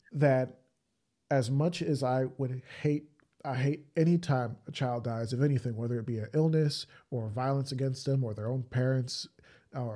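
A man hosting a podcast interview, speaking reflectively and haltingly, with many restarts. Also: medium pitch, mellow. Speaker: podcast host.

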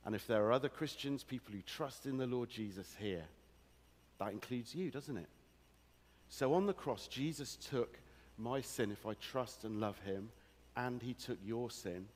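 Lively preacher in an echoing church hall. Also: male voice, mid-range voice, normal speed. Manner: animated storytelling, acting out scenes with the congregation. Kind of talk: sermon. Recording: long hall reverb.

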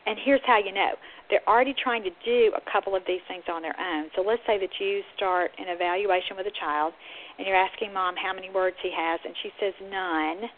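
A woman speech therapist and podcast host, explaining teaching methods in an upbeat, lively way and now and then acting out playful sound effects. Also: mid-range voice, brisk, slight background noise. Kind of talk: instructional talk. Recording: band-limited, phone-like audio.

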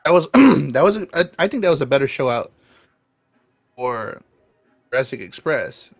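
A man's voice: medium pitch, normal speed. Rambling, cussing male podcast co-host. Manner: rambling, excitable, swears freely, clears throat often. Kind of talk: casual wrestling review chat.

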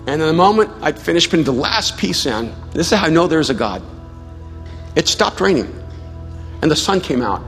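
Pastor telling a story in a reverberant hall. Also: male voice, fairly high pitch, very animated, moderate pace. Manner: storytelling, self-mocking humor, then quiet prayerful appeal. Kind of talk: sermon. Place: large church hall. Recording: live church hall with long reverb and soft music.

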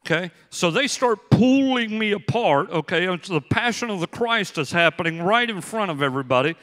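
A male pastor preaching a sermon, telling a story with animated, acted-out quotes. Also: high voice, moderate pace, in a large hall.

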